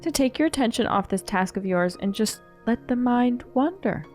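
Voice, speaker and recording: A woman's voice: a little high, animated, normal speed, a little mellow, soft background music, voice pushed up, close to an everyday voice. A woman voicing a soothing tea shop keeper. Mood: coaxing. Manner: soothing, formal, coaxing.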